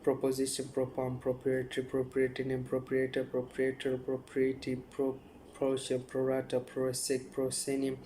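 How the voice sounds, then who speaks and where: Flat monotone man reading words. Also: mid-range voice, normal speed, slight background noise, low-quality recording. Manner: flat, monotone listing with stumbles. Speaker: YouTuber. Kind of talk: reading word list aloud.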